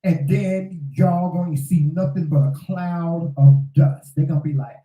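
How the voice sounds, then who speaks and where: Emphatic co-host with a very dark voice. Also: medium pitch, a little slow. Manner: loud, emphatic, swears freely. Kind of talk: casual chat. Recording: echoey room.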